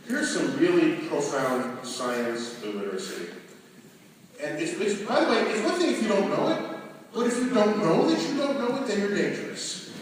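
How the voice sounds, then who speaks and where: Animated man lecturing in a big echoey hall. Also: sits high, normal speed. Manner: animated, playful, teasing the crowd. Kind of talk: public science talk to a live audience. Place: large hall. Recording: echoey hall from far off, noisy.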